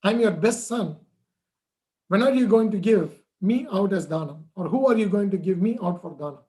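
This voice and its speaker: A man's voice: high voice, lively intonation, moderate pace, dark tone. A man voicing a pious, steadfast five-year-old boy who earnestly presses his father with questions.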